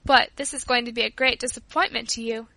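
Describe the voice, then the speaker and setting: A tender father speaking earnestly to his daughter, read by a woman. The voice stays high and bright, close and dry. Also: fairly even intonation, fast talker, vocal fry, no room sound. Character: gentle caring father of a family.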